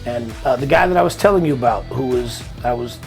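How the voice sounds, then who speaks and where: A middle-aged man with a gravelly voice sits as a guest in a casual interview. He tells his stories in an animated way and laughs easily, with music playing behind him. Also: mid-range voice, quick pace. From Miami.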